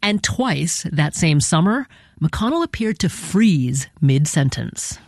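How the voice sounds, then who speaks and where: A woman hosting a radio program, narrating a scripted news segment in a measured, deliberate way. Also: low voice, sing-song, a little mellow, no echo, studio quality. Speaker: radio host. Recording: music bed behind voice.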